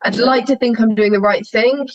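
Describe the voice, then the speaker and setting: A woman's voice: on the high side, moderate pace, no room sound. Frank young woman, lo-fi audio. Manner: frank, animated storytelling, laughs often. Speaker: sheep shearer and podcast guest. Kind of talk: candid conversational interview.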